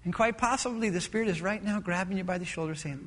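A man preaching a sermon as pastor, dramatic, swinging between loud emphatic lines and hushed, intimate ones. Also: high-pitched, fast. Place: church sanctuary. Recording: long hall reverb.

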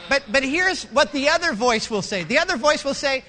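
A male pastor preaching a sermon with animated storytelling, slipping into character voices. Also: extremely high pitch, fairly quick, hardly any pauses.

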